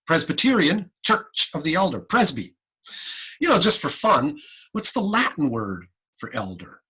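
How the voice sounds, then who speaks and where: A middle-aged man teaching over a video call, his pitch leaping up and down as he drills each point. He talks slowly and deliberately, with a bright yet slightly husky tone. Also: muffled recording. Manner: animated, playful teaching with repeated "guess what" and sound demonstrations. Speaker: hearing-instrument instructor. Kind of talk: online lecture.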